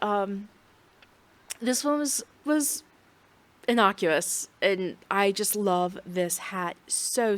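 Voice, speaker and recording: A middle-aged woman hosting a knitting podcast from home, talking in a candid, rambling casual chat. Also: medium pitch. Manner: chatty and candid, rambling with fillers.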